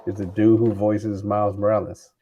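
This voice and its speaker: A man with a low, mellow voice chats loosely on a podcast, swearing often and stumbling as he hunts for words. His sound comes through dull and muffled, like a lo-fi mic. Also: level tone, normal speed. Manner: profane, rambling, searching for words. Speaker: podcast co-host. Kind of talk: casual chat.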